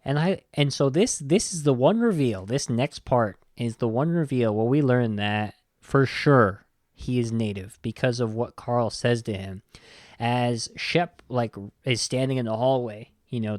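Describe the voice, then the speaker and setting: Podcast host man, mid-pitch, retelling movie scenes loosely, lots of likes, dry close sound. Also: darkish tone, no echo. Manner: rambling, loose, full of "like" and "you know". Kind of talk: casual movie recap.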